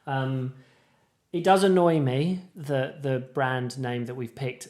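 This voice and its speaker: A man co-hosts a relaxed podcast, talking at an ordinary middle pitch. He rambles and restarts his sentences often, with plenty of ums and likes. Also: slow. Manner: rambling, many fillers and restarts. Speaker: podcast co-host. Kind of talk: casual chat.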